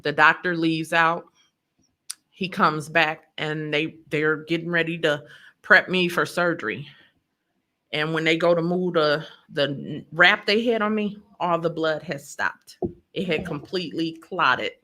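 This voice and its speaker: Woman telling her story on a podcast, bright clear tone, acts out the quotes. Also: deep voice, a little slow. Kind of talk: emotional personal storytelling.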